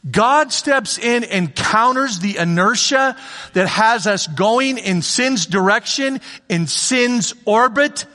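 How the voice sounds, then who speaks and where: Animated preacher man in a reverberant hall. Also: very high voice, takes it slowly. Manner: animated, acts out God's voice, swings from shouting to hushed. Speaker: pastor. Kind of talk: sermon.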